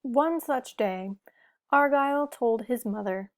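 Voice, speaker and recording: A woman reading a picture book aloud to children, gentle and asking the listener questions. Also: a little high, slow pace, no echo, clean studio sound. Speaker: storybook reader.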